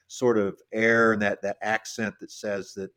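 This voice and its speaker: A middle-aged man co-hosting a podcast, telling a history story in a casual, halting way with many restarts and repeated words. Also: on the low side, little pitch movement, pushed and bright, clean tone. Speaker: podcast co-host.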